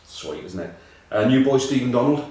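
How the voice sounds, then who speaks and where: A man's voice: medium pitch, animated, moderate pace, mellow. Rambling English man, echoey and distant. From England. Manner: rambling, self-mocking anecdotes with many ums. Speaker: rugby pundit. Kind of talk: casual chat.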